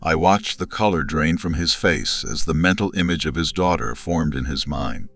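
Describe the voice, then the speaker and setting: A man's voice: rumbling low, normal speed, fairly bright tone, breathy edge, no room sound. A man narrating a first-person story in a cold, sarcastic manner.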